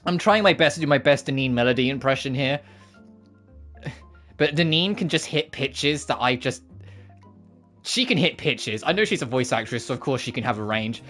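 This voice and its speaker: A woman's voice: very deep voice, a bit bright. A woman streamer giving casual, chatty gameplay commentary and swearing freely.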